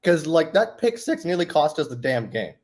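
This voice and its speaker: A man's voice: on the high side, big pitch swings, normal speed, darkish tone. A man on a casual sports talk panel, frustrated, talking with plenty of fillers.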